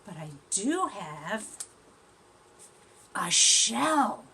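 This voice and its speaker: A woman's voice: medium pitch, sing-song, extremely slow, sharp tone, slight background noise, exaggerated voice. A woman voicing a small young girl tortoise in a storybook, speaking plaintively and earnestly. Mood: determined.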